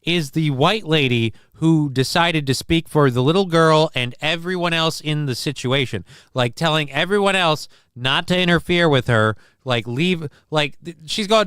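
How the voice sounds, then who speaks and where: A man's voice: a little high, moderate pace, hardly any pauses, a bit bright, clean tone, dry recording, studio quality. Joking man hosting a livestream. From American Midwest. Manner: joking, rambling. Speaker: host. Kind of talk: casual livestream commentary.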